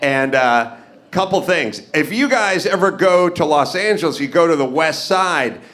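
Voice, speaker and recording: A man hosting a live comedy podcast, telling stories and acting out dialogue with big swings in his voice. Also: normal speed. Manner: animated, acts out dialogue with big pitch swings. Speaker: podcast host. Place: live podcast on stage before an audience.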